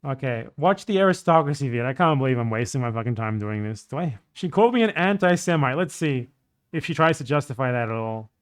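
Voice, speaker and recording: A man's voice: medium pitch, expressive, fast, clean tone. A young man streaming live, ranting in a combative, profane way about politics.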